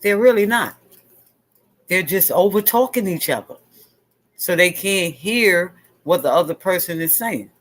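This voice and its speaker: Slow, emphatic woman host speaking bluntly. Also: on the low side, animated. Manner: blunt, emphatic, repeats points for stress. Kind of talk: casual chat.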